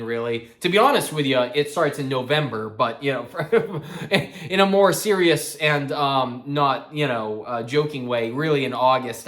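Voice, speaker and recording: A metal music vlogger with a rather high, slightly bright voice rambles casually about metal and horror. He laughs and swears as he tells his stories.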